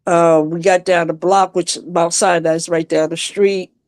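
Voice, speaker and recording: Woman, guest on a live stream, halting emotional telling, frequent restarts, dry close sound, video call. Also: fairly low pitch, level tone, a little mellow, no echo. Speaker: guest sharing a personal story. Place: home.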